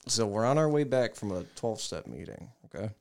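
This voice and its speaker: A man's voice: fairly low pitch, expressive, normal speed, crowd noise. Male podcast host, loose profane storyteller, casual chat. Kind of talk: casual crude podcast banter.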